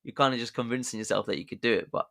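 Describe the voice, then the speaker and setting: A man's voice: mid-range voice, rapid-fire, vocal fry, fairly bright tone. A man hosting a podcast, chatty and jokey, telling history as a casual story and laughing at his own jokes. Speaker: podcast host.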